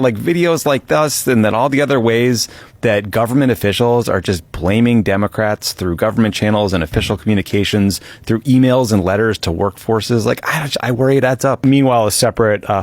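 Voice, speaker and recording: A man's voice: fairly low pitch, no room sound. A man speaking wryly and rambling in a political panel discussion. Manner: wry, amused, rambling.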